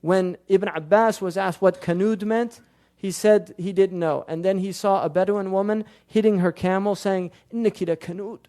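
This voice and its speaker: High-voiced man giving a religious lecture. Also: steady tone, mellow, smooth. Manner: questions the audience rapidly, quotes classical sources; mixes Arabic terms into his speech. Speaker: Islamic scholar and lecturer.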